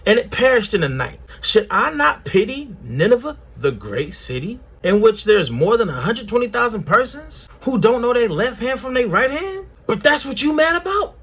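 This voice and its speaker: A man voicing God as a calm, wry male figure who questions a sulking prophet in a laid-back, dry tone, with a husky voice. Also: high voice, muffled recording, pitched above the performer's own voice, heavily acted.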